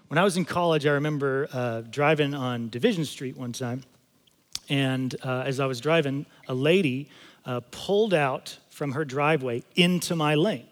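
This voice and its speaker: A man's voice: mid-range voice, quick pace. Male pastor preaching in a reverberant hall. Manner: conversational storytelling, emphatic asides. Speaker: campus pastor. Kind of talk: sermon. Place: church auditorium. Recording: long reverb in a church hall.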